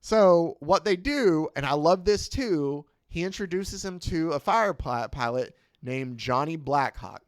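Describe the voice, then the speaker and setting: A man's voice: a little high, expressive, a little slow, hardly any pauses, no echo. A man co-hosting a podcast, casually retelling a comic and acting out its lines. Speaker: podcast co-host.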